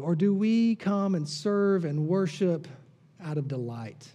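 A male pastor delivers a sermon in a fairly high, mellow voice with a husky edge. He leans on rhetorical questions, pushing some lines up emphatically and letting others sink low and quiet. The tone stays warm rather than bright. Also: normal speed. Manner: rhetorical questions, rising to emphatic peaks then dropping low.

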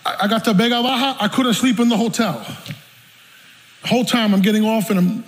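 A man, a pastor preaching a personal story in an animated, emotional way. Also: high voice, brisk. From South Bronx, New York. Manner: animated, emotional storytelling with bursts of laughter and shouting. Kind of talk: storytelling sermon. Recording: long reverb with faint room noise.

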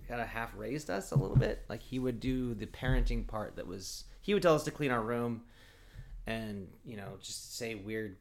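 A man's voice: mid-range voice, normal speed, vocal fry. A man from Oregon co-hosting a podcast, telling long rambling stories in casual chat with plenty of fillers. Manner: rambling storyteller, lots of fillers. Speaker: podcast host.

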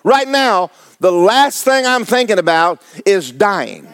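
Older pastor preaching, high-pitched voice, folksy and jokey, gets emphatic. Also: male voice, very animated, slow pace, a bit bright, clean tone. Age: 70s. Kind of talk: sermon.

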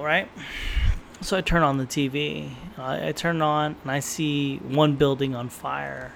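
Young male podcaster, a bit higher pitch, gravelly, rambling and profane. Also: a little slow, a little hiss or hum. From San Diego area, United States. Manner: rambling and profane, tells stories with quoted inner thoughts. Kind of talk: casual monologue.

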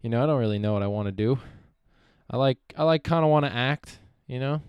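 A young man talks alone into the mic for his podcast, drifting from thought to thought and swearing often. His voice sounds smooth and clean, and it is recorded dry and close with no room echo. He sits at an ordinary middle pitch for a man. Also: fast talker, muffled recording. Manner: profane, meandering, self-interrupting. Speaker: podcast host. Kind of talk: rambling solo podcast monologue.

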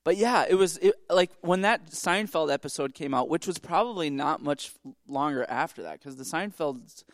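A middle-aged man rambles through a dating story on a podcast, breaking off into asides and restarts. His voice sits a little high for a man, and the recording is close and dry. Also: expressive, normal speed, dry recording. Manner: rambling, self-interrupting storyteller. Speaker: podcast co-host. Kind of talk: casual chat, storytelling.

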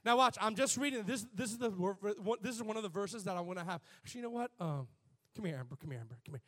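A pastor preaching a lively sermon to his congregation, leading chants and call-and-response and rising to shouts. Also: high voice, rapid-fire. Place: church before a live congregation.

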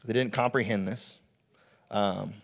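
A man's voice: fairly low pitch, fairly even intonation, a little slow, gravelly. Young man, casual sermon voice, chatty and informal, full of "uh" and "like". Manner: conversational, casual preaching with many fillers. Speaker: preacher.

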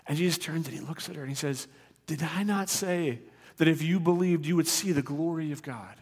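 A man's voice: a little high, a little fast, slightly rough, big-room sound. A man preaching a sermon in an earnest, conversational teaching manner with rising emphasis. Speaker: pastor.

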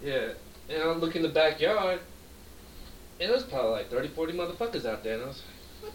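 A podcast co-host whose voice is on the high side talks fairly quickly, telling a long story laced with swearing during a drunk storytelling chat. Animated, he performs the quoted dialogue, and the sound carries an echoey room, a distant mic and a faint hiss.

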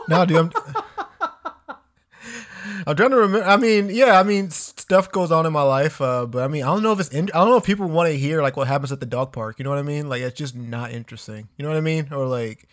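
A podcast co-host with a voice on the high side talks briskly in casual banter, laid-back and rambling, swearing a lot and tossing in "dude" every few words.

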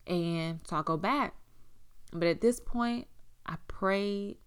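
In a mid-range, expressive voice that's gravelly yet clear and resonant, a young woman shares a personal story at a measured pace. She's frank and casual, swears a lot, and uses many "like" and "you know" fillers.

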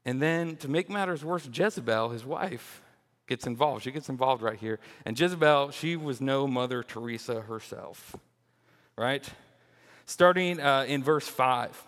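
Animated male preacher in a reverberant hall. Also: mid-range voice, measured pace. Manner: lively, jokey, often repeats words when restarting. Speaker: children's minister. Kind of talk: animated sermon.

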